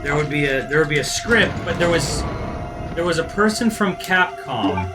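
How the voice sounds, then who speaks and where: A man's voice: fairly high pitch, very animated, normal speed. A man co-commentating a let's-play, telling long stories and swearing casually. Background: game music and sounds.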